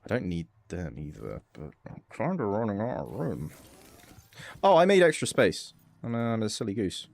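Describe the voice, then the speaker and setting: A young man streams a game and chats casually at a moderate pace in a creaky voice. He swears freely, and his pitch jumps around with animation.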